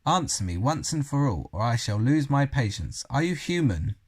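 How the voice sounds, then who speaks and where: A man's voice: medium pitch, sing-song, moderate pace, breathy edge, dry recording, clean studio sound. A man putting on a haughty cold queen. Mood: imperious. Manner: haughty, commanding, scornful. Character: cold imperious queen, a grown woman.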